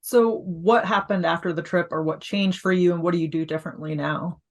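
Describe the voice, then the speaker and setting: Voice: medium pitch, steady tone, brisk. A podcast host asking short, curious follow-up questions. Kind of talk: interview questions.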